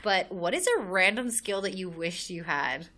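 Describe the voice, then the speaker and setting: A woman's voice: lowish voice, lively intonation, normal speed, sharp tone, a little hiss or hum. A young woman co-hosting a podcast, chatting casually and laughing often. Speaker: podcast co-host. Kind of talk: casual chat.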